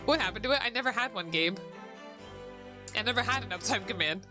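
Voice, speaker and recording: A woman's voice: medium pitch, animated, fairly quick, over music. A woman streamer chatting casually while playing a game, giggling and swearing freely. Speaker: VTuber streamer.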